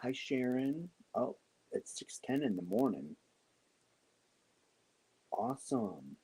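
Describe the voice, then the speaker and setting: A middle-aged man from the United States hosting a casual livestream chat from home at night, talking softly into his microphone so he won't wake someone sleeping upstairs. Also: sing-song, takes it slowly, long pauses, low-quality recording. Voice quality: low, husky voice. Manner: talking softly to keep the house quiet, greeting viewers. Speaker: livestream host. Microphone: microphone worn.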